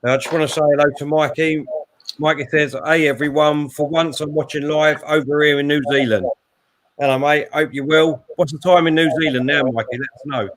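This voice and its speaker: A man's voice: fairly high pitch, steady tone, fairly quick, a bit bright. A man hosting a casual live stream, chatting and greeting viewers by name. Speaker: host.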